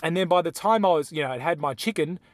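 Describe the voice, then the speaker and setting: An Australian man tells a casual travel story on a podcast and pokes fun at himself. His voice sits a bit high for a man. The recording is dry and close. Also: fast talker, no echo. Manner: storytelling, self-mocking. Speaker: podcast co-host.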